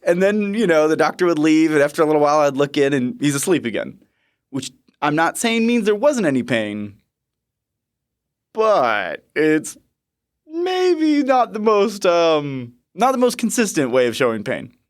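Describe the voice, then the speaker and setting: A man in his thirties, a podcast host and nurse, telling a story in a lively, chuckling way. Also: fairly high pitch, moderate pace, smooth. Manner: lively, chuckling, animated retelling. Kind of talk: casual storytelling.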